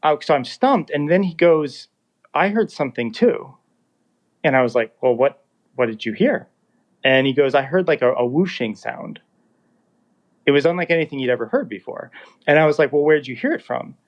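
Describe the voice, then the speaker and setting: Animated man telling a story, lo-fi. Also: on the high side, normal speed. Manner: animated, acts out dialogue in quotes. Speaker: guest telling his story. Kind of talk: casual first-person storytelling. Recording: dull lo-fi sound.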